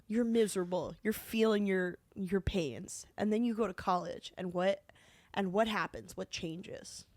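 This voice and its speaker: A woman's voice: mid-range voice, a little mellow, dry recording. A young woman co-hosting a comedy podcast, chatting casually and teasing her guests. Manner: teasing, quick to laugh.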